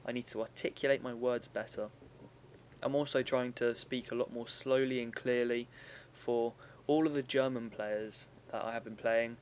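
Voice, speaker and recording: A young man casually commentates a replay of a strategy game battle, chatty and loose, often correcting himself. His everyday middle-pitched voice is a little mellow, with fairly even intonation at normal speed, and a faint ambient hum stays beneath it.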